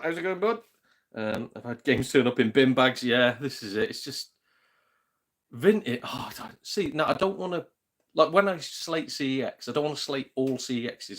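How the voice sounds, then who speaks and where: A man with a British accent hosting a gaming channel, chatting casually on a livestream and reading out viewer comments, joking, laughing often and swearing mildly. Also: mid-range voice. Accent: British English.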